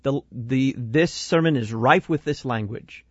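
A male host giving measured, critical commentary on a sermon. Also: mid-range voice, breathy edge, dry recording, highs cut off. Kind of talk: analytical commentary.

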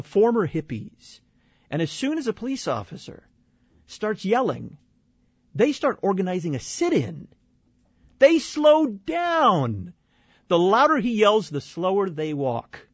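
A man from Illinois tells a story in an animated, exasperated way, and his voice sits a little high. He jumps into other people's voices as he retells it. The recording is dry and a bit dull, like a small studio. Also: husky, dry recording. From Illinois, USA. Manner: lively, exasperated, acts out quoted voices. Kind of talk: animated personal anecdote.

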